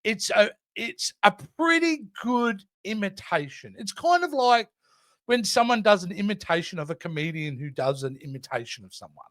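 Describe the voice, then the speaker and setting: A man's voice: sits high, animated, moderate pace, fairly bright tone, no room sound. A man with an Australian accent, co-hosting a casual podcast chat in a wry, joking way. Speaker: podcast co-host.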